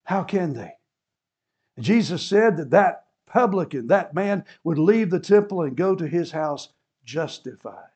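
A man's voice: on the high side, animated, measured pace, a little mellow. A man preaching a sermon, explaining scripture and acting out the people in it with rising fervor. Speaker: pastor.

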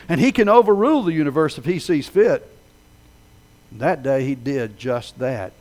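A man preaching a sermon, telling a story with dramatic swells that rise loud and then sink low. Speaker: pastor.

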